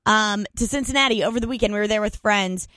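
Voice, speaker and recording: A woman's voice: medium pitch, quick pace, no echo. A woman co-hosting a radio morning show, telling a story casually with lots of fillers and acted-out quotes. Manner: animated, acts out quotes, many fillers.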